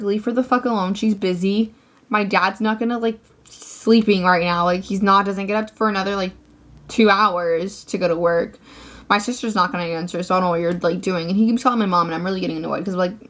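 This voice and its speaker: Teen girl, vlogger, storytime rant, gravelly fry, profane, lots of fillers. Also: on the low side. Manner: ranting, profane, filler-heavy.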